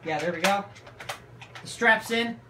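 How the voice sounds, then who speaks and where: A young adult with a nearly lost, hoarse voice gives excitable let's-play commentary, swearing loudly at the game. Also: mid-range voice, a little slow, background noise. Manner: loud outbursts and heavy swearing at the game. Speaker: gaming channel host. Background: game music.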